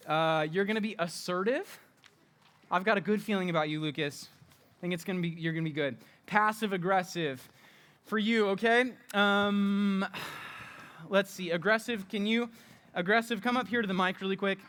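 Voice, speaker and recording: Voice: mid-range voice, moderate pace, a bit bright, smooth. Upbeat youth pastor leading a skit. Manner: upbeat, playful, coaching volunteers. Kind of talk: interactive youth group talk.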